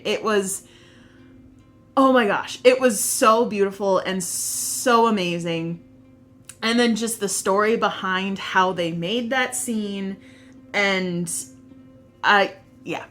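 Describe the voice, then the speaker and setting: A young woman vlogging about her favorite scenes, gushing and telling stories with excitement, with faint music behind her. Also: mid-range voice. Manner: gushing, excitable, animated storytelling. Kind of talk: casual fan commentary.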